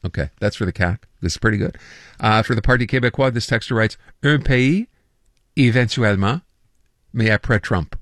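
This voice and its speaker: A man's voice: fairly low pitch, a little fast, fairly bright tone, no echo, studio quality. A man hosting a call-in radio show, chatting casually and reading listener texts aloud with amusement. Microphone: studio microphone.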